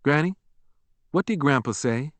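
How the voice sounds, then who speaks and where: A man's voice: on the high side, expressive, measured pace, dry recording, voice pushed up. A male narrator voicing an earnest, anxious young boy who pleads and pants. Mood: pleading. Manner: pleading, breathless.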